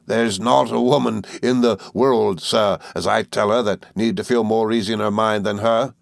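Man doing a jovial old fisherman, broad rustic dialect, raised gravelly voice, dry close sound. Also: fairly low pitch, fairly even intonation, normal speed, no room sound, voice pushed up. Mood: hearty. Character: hearty old male fisherman, warm and jovial.

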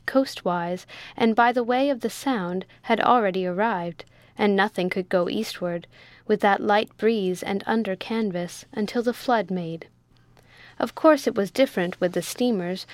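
A woman narrating a classic novel as an audiobook reader, in a steady, even storytelling manner. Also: mid-range voice, no room sound. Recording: dry close recording.

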